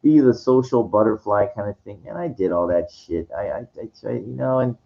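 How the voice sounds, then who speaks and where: A man telling a personal story in a casual monologue, halting and rambling, with many restarts, fillers and casual swearing. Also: on the low side, creaky, highs cut off. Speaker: vlogger.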